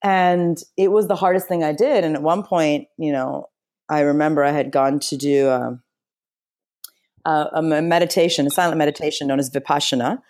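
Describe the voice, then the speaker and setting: A woman telling a personal story as an interview guest, chatty and expressive, with frequent fillers and restarts. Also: deep voice, normal speed. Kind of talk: casual storytelling in a conversation.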